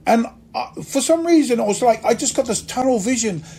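Husky man telling stories. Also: very high-pitched, brisk. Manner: lively, acts out quoted voices. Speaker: actor and acting teacher. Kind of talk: conversational storytelling interview.

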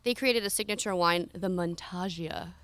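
A woman's voice: lowish voice, normal speed, fairly bright tone. A young adult woman co-hosting a casual podcast, chatty and self-deprecating as she runs through her notes. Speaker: podcast co-host. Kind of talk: casual chat.

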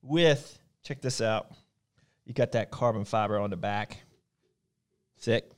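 A man's voice: on the low side, slow pace. A man hosting a casual chat, running through product release dates with loose, joking asides. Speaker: host.

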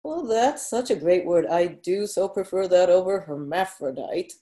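A woman reading a story aloud, voicing a gentle, soft-spoken male weaver in a calm, lightly amused way. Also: on the low side, moderate pace, natural voice.

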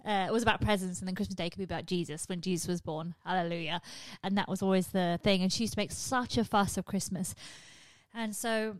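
A woman's voice: lowish voice, steady tone, quick pace, no room sound. A woman hosting a podcast, telling frank, self-mocking stories full of swearing. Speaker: podcast host. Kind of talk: comic confessional storytelling.

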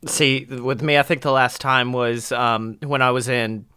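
A man in his twenties co-hosting a casual podcast chat, telling stories animatedly and jumping into loud, high acted quotes. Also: steady tone, measured pace, clear, resonant tone, dry recording, clean studio sound. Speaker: podcast co-host.

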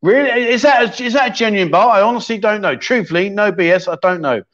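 A man's voice: high-pitched, lively intonation, quick pace, fairly bright tone, highs cut off. A man hosting a casual livestream chat show and running a quiz, trading cheeky banter with viewers in the chat.

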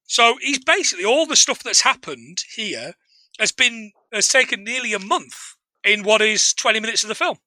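A man with a high, very bright voice talks through a film scene by scene in casual podcast chat. He is animated and jokey and breaks into laughter often. The sound is dry and close. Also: moderate pace, no room sound, rough recording. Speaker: podcast co-host.

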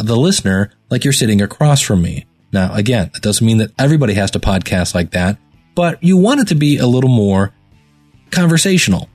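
A man hosting a podcast review show, giving casual spoken feedback with fillers and deliberate stress on some words. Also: medium pitch, a little mellow.

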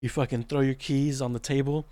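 A man's voice: medium pitch, fairly even intonation, a little fast, mellow, dry recording. A young man co-hosting a podcast in casual chat, rambling, swearing and laughing often. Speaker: podcast co-host.

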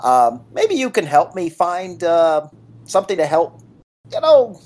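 A woman's voice: lowish voice, sing-song, measured pace, a little mellow. A woman playing a naive young man new in the city, talking hesitantly with lots of ums and uhs. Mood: earnest.

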